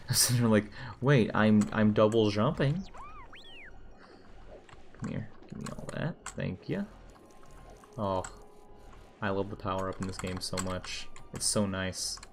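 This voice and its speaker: A man's voice: deep voice, fairly even intonation, moderate pace, vocal fry, pauses often, over music. A young man streaming a video game, muttering casual, profane, sarcastic commentary as he plays.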